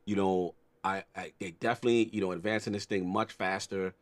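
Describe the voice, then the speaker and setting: A man with a somewhat low voice chats on a gaming podcast. He talks easily and loosely, leaning on "you know" and steady "mm-hmm" agreement. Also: fairly quick. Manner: relaxed, many "you know" and "mm-hmm" fillers. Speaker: podcast co-host. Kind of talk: casual gaming podcast chat.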